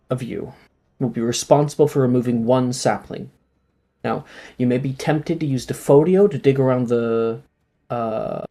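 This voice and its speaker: A game master voicing a kind, slightly nervous male herbology professor, explaining in a gentle teacherly way. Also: mid-range voice, natural voice. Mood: serious.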